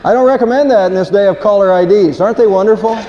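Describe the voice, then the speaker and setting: Pastor guy preaching, high mellow voice, dull old recording w/ long church echo. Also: fast talker, slight background noise. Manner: earnest preaching with a folksy joke, some repeated words. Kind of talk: sermon. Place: church sanctuary.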